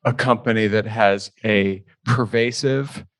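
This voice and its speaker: A male podcast co-host chatting casually, joking around and cutting in quickly. His voice sits in a middle pitch and the sound is dry. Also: fairly even intonation, fairly bright tone, no echo.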